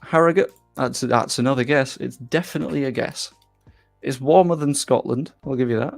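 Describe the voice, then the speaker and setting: Young man, faint Yorkshire accent, gravelly edge, casual live-stream chatter, faint music underneath. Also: mid-range voice, normal speed. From England. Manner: chatty, self-deprecating, reads comments aloud. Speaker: streamer reading chat.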